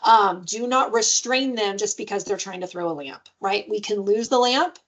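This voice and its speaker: A woman's voice: mid-range voice, moderate pace. A woman giving an informal parenting webinar, speaking conversationally and often checking in with "right?". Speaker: parenting trainer.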